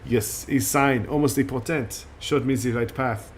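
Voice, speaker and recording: A man's voice: medium pitch, fairly even intonation, moderate pace, slight background noise, close to an everyday voice. A man voicing a brooding warrior woman, shaky French accent. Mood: solemn. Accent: put-on French, slipping. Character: brooding stern female warrior guardian. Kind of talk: reading game dialogue aloud.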